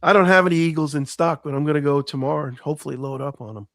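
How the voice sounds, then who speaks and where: East coast guy with a shot scratchy voice, kinda high, dry close sound, chatting on a stream. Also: a bit bright, no room sound. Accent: American East Coast. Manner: talks through market numbers, halting restarts. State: hoarse, voice shot. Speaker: co-host. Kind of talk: casual livestream chat.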